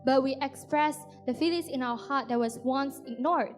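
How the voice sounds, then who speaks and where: A woman's voice: high-pitched, moderate pace, music in the background. A woman interpreting a couple's talk live, sometimes restarting and correcting herself. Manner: restarts and self-corrections while translating.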